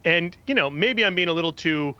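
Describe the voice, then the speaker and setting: Man, radio guest, bright tense voice, a bit high, dull lo-fi recording. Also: animated, no echo. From Kansas City, USA. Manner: quick, chatty, laughs easily. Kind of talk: casual radio talk, explaining.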